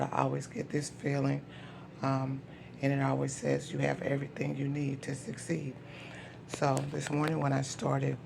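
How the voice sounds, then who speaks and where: A hoarse woman with a gravelly, gruff rasp, talking in a flat, even tone. She walks through her craft supplies in a relaxed show-and-tell, with plenty of "um"s. Clear background noise runs under a home recording. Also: rumbling low. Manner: unhurried, many "um" fillers. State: hoarse, voice not yet recovered. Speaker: craft seller and vlogger.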